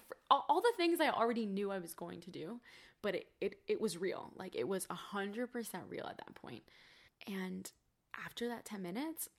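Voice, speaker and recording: A young woman, a podcast guest, telling her story in a candid, casual way, swearing freely and saying "like" a lot. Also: mid-range voice. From Cuban family.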